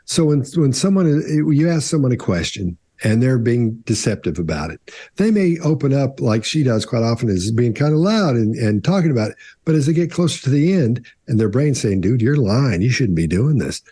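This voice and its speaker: A man speaks casually as a panelist, loose and a bit rambling. His tone is mellow and soft at the edges, with a touch of rasp. The sound is dry and close. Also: mid-range voice, fairly quick, no echo. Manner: relaxed, rambling with restarts. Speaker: behavior analysis panelist.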